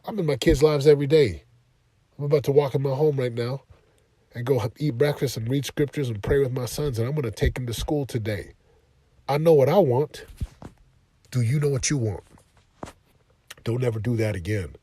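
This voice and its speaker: A man's voice: medium pitch, fairly quick, dark tone, husky, no echo. A man giving a motivational monologue as a podcast host, speaking emphatically and repeating his points like a preacher. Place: outside his home, heading in.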